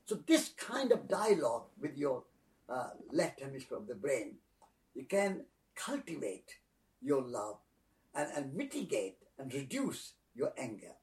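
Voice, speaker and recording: A man speaking as a spiritual teacher, slow and soft-spoken, repeating phrases like a litany. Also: medium pitch, very animated, recorded from a distance. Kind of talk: calm reflective teaching.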